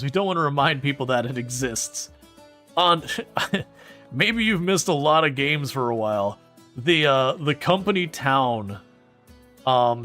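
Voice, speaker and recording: A man streaming a game and chatting with viewers in a rambling, animated way, often restarting his sentences. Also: medium pitch. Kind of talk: casual gameplay commentary answering chat.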